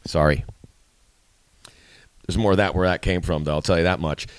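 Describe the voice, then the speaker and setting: A middle-aged man hosting a soccer preview show, talking in an animated, playful way with sudden emphatic jumps. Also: sits low, moderate pace, clear, resonant tone, no echo. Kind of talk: solo video commentary.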